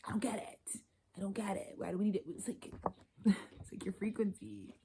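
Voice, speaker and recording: A woman giving a casual, channeled tarot reading to her viewers. She talks in a loose, profane, animated way. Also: medium pitch, moderate pace, a little hiss or hum. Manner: loose, profane, animated, slipping into quoted voices. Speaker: tarot reader.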